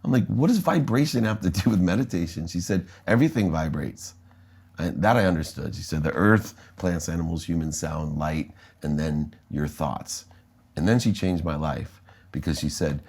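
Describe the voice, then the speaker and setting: Deep-voiced American man telling a story. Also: moderate pace, creaky, breathy edge. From United States. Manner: animated storyteller, acting out quoted dialogue. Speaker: interview guest. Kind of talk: storytelling in a podcast interview.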